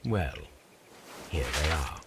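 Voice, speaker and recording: An actor playing a cool, methodical detective who asks precise, measured questions in a video game. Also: male voice, rumbling low, sing-song, heavy background noise, full character voice. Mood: probing. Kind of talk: video game character dialogue.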